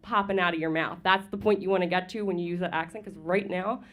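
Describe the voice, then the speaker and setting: A woman's voice: lowish voice, fairly even intonation, fast talker, fairly bright tone. A woman judging a singer, giving earnest, emphatic advice. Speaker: singing competition judge. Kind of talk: spoken critique.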